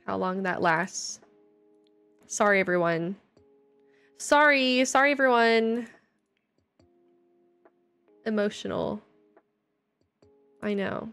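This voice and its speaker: Slow-talking young woman streaming a game. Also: medium pitch. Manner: joking, self-deprecating, reads chat aloud. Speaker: live streamer. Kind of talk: casual live-stream chat while playing. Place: at home with her cat.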